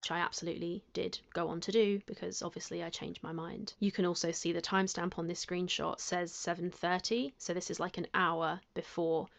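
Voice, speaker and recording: A woman's voice: on the low side, little pitch movement, brisk, vocal fry, hardly any pauses, fairly bright tone. A woman explaining and justifying her decisions to camera, repeating herself as she goes. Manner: self-justifying, repetitive. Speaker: youtuber being reacted to.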